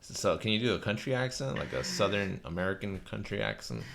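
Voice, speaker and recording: A man's voice: lowish voice, brisk, vocal fry, noisy background. A man hosting a casual interview, asking prompting questions and teasing his guest. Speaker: podcast host.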